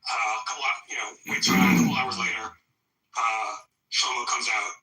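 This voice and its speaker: A man in a casual group voice chat, telling jokes in a halting, rambling way. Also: mid-range voice, steady tone, reverberant, recorded from a distance, a loud crowd, rough recording. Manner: rambling, halting joke teller.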